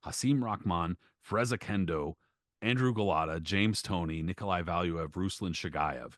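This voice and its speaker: Podcast co-host, man, low voice, relaxed profane banter, dry sound. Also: moderate pace, no room sound. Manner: profane, laid-back banter. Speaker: podcast co-host, boxing historian. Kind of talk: casual podcast chat.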